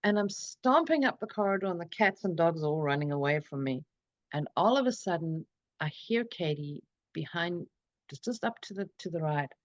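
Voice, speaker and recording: A middle-aged woman, an interview guest, telling her own story in a reflective, earnest, halting way over a video call. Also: deep voice, dry recording, highs cut off. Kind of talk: personal storytelling in a conversation.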